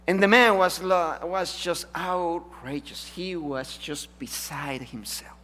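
A man preaches a sermon slowly in a slightly high voice, emphatic throughout, swinging from loud declarations to hushed asides.

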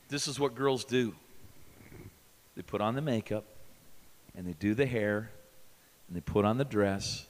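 A man preaching a sermon at a youth camp, emphatic, questioning his listeners and swinging from loud to hushed. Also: medium pitch. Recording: long hall reverb.

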